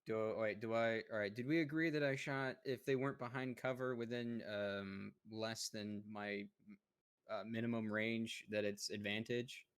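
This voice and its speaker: A man playing a tabletop game, hesitant with many ums, and quick to curse. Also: fairly low pitch, steady tone, clear, resonant tone. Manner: hesitant, profane, lots of fillers. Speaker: player. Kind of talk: casual tabletop game chat.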